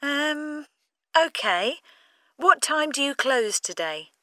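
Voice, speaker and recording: A woman's voice: sits high, sing-song, takes it slowly, pushed and bright, no room sound. A woman playing a curious customer in a scripted textbook dialogue. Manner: curious and inquisitive.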